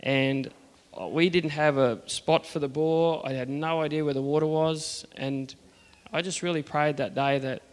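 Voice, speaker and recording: With an Australian accent and a fairly high, fairly even voice, a man earnestly tells a personal faith story, acting out the dialogue in plain-spoken terms. He speaks a little slowly, and the recording has a big-room sound.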